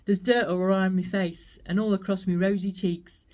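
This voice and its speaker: A woman's voice: mid-range voice, fairly even intonation, moderate pace, a little mellow, close to an everyday voice. A woman reciting a comic poem as a grimy, battered doll on a rubbish lorry, in a sing-song rhythm. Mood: wistful.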